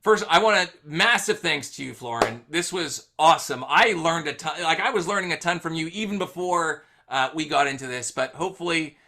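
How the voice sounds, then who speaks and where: A man's voice: a little high, fairly quick, hardly any pauses, pushed and bright. A man hosting a live webinar, telling an anecdote casually with lots of fillers before summing up sales tips. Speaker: host.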